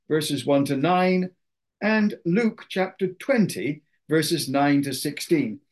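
A man preaching a sermon, reading scripture aloud and explaining it with slow, deliberate emphasis. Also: on the high side.

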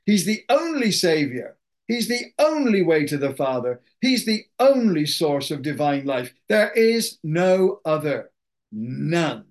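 A man preaching a sermon, reading scripture aloud and explaining it with slow, deliberate emphasis. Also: fairly high pitch.

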